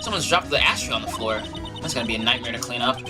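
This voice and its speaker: A woman voicing a wry young male lawyer, speaking in a deadpan, sarcastic way. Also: extremely low pitch, fast. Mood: dry. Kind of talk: fan voice-over of a game. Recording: game music behind.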